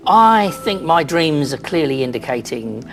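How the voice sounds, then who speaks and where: A man answering questions as a studio guest in a deadpan, mock-serious way. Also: fairly high pitch, measured pace, over loud music. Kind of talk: deadpan comic interview.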